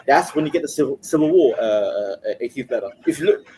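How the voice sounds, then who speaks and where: A man's voice: mid-range voice, animated, quick pace, mellow, slight background noise, rough recording. A man from Somaliland calling into a live stream, arguing heatedly and stuttering as his words rush out. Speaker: caller.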